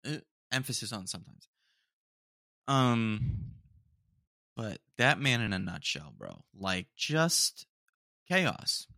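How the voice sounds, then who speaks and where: Rambling through a casual solo chat in a home room, this young podcast host keeps saying "dude." His lowish, creaky voice is very animated yet slow, with long pauses and a sharp tone, captured in clean, dry studio sound.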